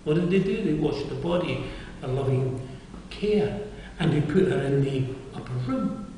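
A man's voice: fairly high pitch, expressive, normal speed, mellow, a little hiss or hum. An older man preaching a sermon in a chapel, earnest and conversational, often asking his listeners questions. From England. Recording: echoey chapel heard from far off.

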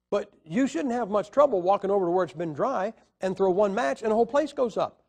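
Male preacher, high voice, combative teaching tone with lots of "uh" pauses. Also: animated, creaky, a little mellow. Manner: argumentative, rhetorical questions, hesitant fillers. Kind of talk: Bible teaching lecture.

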